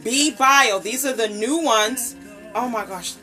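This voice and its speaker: Bubbly high-voiced woman unboxing live. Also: takes it slowly, pushed and bright, soft background music, poor audio. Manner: bubbly, gushing, greets viewers by name. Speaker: nail polish brand ambassador and livestream host. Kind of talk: casual live unboxing stream. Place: indoors at home, table set up. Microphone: tablet camera microphone.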